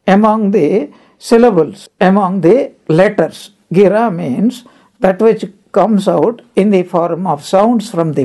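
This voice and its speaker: With a mellow, medium-pitched voice, a spiritual teacher unhurriedly delivers a scripture discourse, weaving in stories and explaining Sanskrit terms individually.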